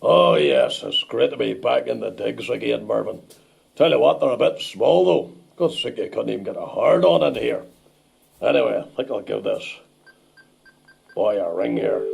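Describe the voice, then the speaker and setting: A man playing a blustering, crude older Northern Irish loyalist preacher with a Northern Irish accent and a gruff voice, in a comedy sketch. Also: mid-range voice, expressive, moderate pace, a little mellow, exaggerated voice. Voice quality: gravelly, gruff. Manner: blunt, crude and bombastic.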